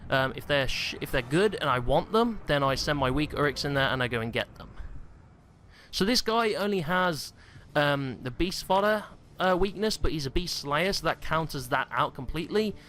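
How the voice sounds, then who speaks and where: A young man, a gaming YouTuber, talks over his gameplay in a slightly high, fairly bright voice with lively intonation at a moderate pace. He's breathless and rambling, full of "um" and "like," recording in a small stuffy room at home. Slight background noise is present.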